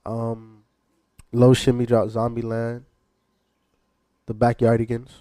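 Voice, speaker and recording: Casting: male host, mid-pitch, relaxed slangy delivery, casual chat. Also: takes it slowly. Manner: laid-back slangy talk, listing new drops. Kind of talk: casual chat about music releases.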